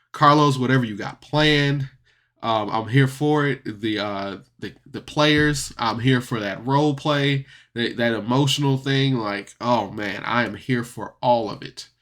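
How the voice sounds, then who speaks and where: Male podcast reviewer, unhurried delivery, bright tense tone, loose chatty rambling. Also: medium pitch. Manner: rambling, chatty, often laughs. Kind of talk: casual solo review.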